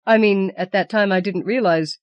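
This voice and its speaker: A woman's voice: medium pitch, moderate pace, dry recording, muffled recording, lightly acted. Lady narrator doing a tired husband dodging questions, hesitant, pleading, dry close sound. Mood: reluctant. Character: weary, evasive middle-aged husband. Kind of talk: audiobook reading.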